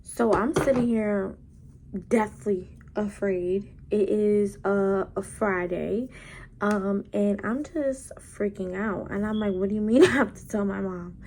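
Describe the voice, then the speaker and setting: A young woman vlogger telling a personal story in a casual storytime chat, acting out the quotes in lively voices. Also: medium pitch, slow, slight background noise. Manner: animated, acts out quotes in changing voices. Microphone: camera mic while doing makeup.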